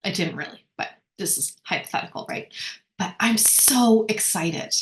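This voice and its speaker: A woman's voice: medium pitch, expressive, normal speed, noisy background. A woman leading a workshop lesson, talking conversationally, often checking in with "right?" and correcting herself as she goes. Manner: rambling with frequent self-corrections. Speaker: workshop speaker. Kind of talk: informal teaching talk.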